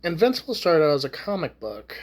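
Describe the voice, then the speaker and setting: A man's voice: fairly high pitch, big pitch swings, brisk. A young man ranting casually to camera, rambling with lots of swearing and false starts. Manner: profane, rambling, with many restarts and fillers. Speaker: YouTube ranter.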